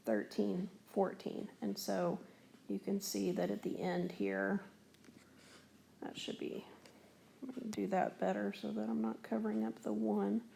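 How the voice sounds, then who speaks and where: Patient woman teaching with a gravelly voice. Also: medium pitch, flat delivery, unhurried, mellow, slight background noise. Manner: patient, explanatory, many fillers. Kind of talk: recorded whiteboard lesson. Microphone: tablet recording.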